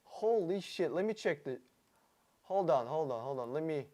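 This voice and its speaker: A man with a fairly high, mellow voice hosts a casual live-stream Q&A about cars, speaking at a moderate pace with lots of animation. He's blunt, jokey and profane, reading viewers' names and questions from the chat, addressing them by name, and often using fillers and restarting sentences.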